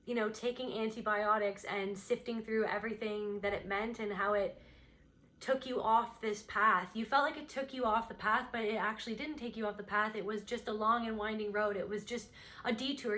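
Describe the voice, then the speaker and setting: A woman with a fairly high voice leads an unscripted tarot card reading. She wanders from thought to thought, voicing each intuitive impression the moment it arrives. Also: fairly bright tone. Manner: meandering and intuitive, voicing impressions as they come.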